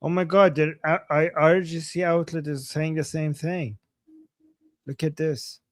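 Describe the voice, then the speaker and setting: A man from Iran co-hosting a casual news commentary, excitable and exclaiming often. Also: a little high, measured pace, dry recording, studio quality. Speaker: co-host.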